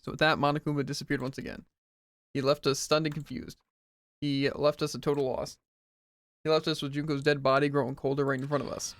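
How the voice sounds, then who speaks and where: A man's voice: on the high side, flat delivery, brisk, a bit bright. A man streaming a visual novel, reading every character's dialogue aloud himself and adding jokey asides. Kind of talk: let's play, reading game dialogue aloud.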